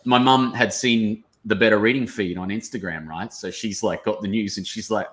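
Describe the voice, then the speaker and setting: Australian man, low voice, effusive and emotional, video call guest. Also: fairly even intonation, normal speed, a bit bright. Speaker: author guest.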